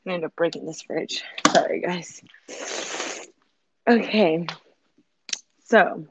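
A woman's voice: fairly low pitch, takes it slowly, pauses often, no echo, muffled recording. A woman casually chatting with viewers on a livestream from her kitchen, giggly and answering their comments. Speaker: livestream host. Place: home kitchen.

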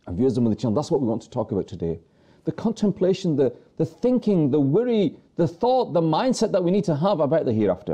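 Man preaching in a very dark, mellow voice. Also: a little high, husky. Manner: preaching with rhetorical questions and repeated phrases. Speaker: religious TV presenter. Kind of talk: earnest religious talk to viewers.

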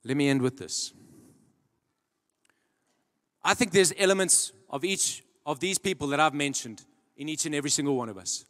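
A man preaching a sermon in earnest storytelling style, dropping to a hush and then rising to loud emphasis. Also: a little high, brisk. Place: large church hall. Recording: long church-hall reverb.

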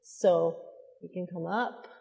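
A woman leading a mother and baby yoga class, giving gentle, soothing cues and cooing at the babies. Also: fairly low pitch, fairly even intonation, slow, creaky, big-room sound. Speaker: yoga instructor. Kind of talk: guided yoga class instruction.

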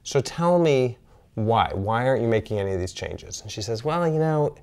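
A man's voice: on the low side, normal speed. A man, a physician guest, telling a story in casual conversation and acting out the dialogue. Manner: animated, acts out quoted dialogue.

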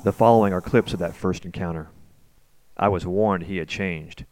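Male documentary narrator, low voice, calm scripted voice-over. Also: no echo. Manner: calm, measured storytelling. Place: voice-over, recorded apart from the outdoor footage.

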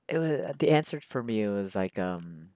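A man's voice: fairly low pitch, animated, measured pace, a little mellow, no echo. A man chatting casually while he draws, rambling in a slangy, profane, laid-back way. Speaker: artist drawing on camera. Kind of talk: casual chat while drawing.

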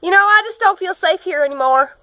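A woman playing a cheerful country farm girl with a Southern drawl, telling deadpan one-liners. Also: very high voice, brisk, background noise. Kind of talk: comedy sketch.

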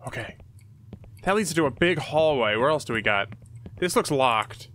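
High-pitched guy doing a lets play, jumpy and yelpy, voice swinging all over. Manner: jumpy, yelps and shouts at scares. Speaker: let's play host. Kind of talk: excitable gameplay commentary.

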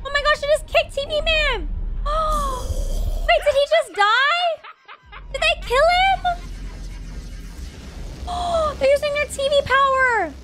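A young woman hosting a reaction video, gasping and gushing with quick exclamations as she comments on animations. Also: very high-pitched.

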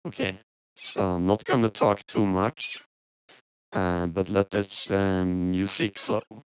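A man's voice: low-pitched, fairly even intonation, slow pace, clean tone, no echo, poor audio. A man talking through a robotic voice filter, hosting a casual live stream as a music producer and speaking in a hesitant, apologetic way. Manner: hesitant, apologetic, many fillers. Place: home studio.

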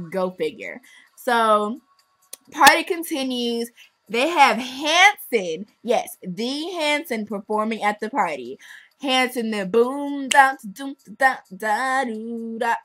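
A young woman reviewing a music video in a chatty, sarcastic, animated way. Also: mid-range voice, no echo, low-quality recording.

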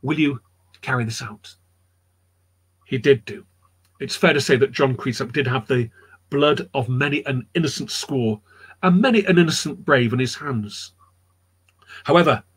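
A man's voice: a little high, slightly rough. A man telling history anecdotes in a rambling, chatty way on a live chat show, repeating his words as he goes. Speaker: storyteller guest.

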